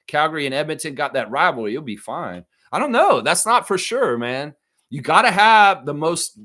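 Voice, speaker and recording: A man's voice: fairly high pitch, fairly bright tone. A man hosting a livestream, ranting heatedly and profanely about sports and repeating himself for emphasis. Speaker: live stream host reading chat. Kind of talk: ranting live stream commentary.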